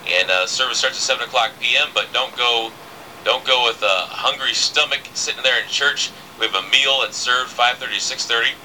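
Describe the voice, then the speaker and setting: A man's voice: medium pitch, fairly quick, pushed and bright, slight background noise, rough recording. A man hosting a casual radio interview, chatty, with many fillers and restarts. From southern United States. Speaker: radio host.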